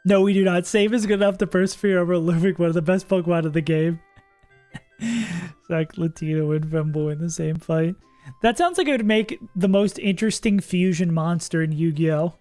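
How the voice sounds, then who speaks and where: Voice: medium pitch, moderate pace, a little mellow, no room sound, soft background music. A streamer casually talking through a game live, thinking aloud, laughing often and swearing now and then. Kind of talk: casual livestream commentary while playing.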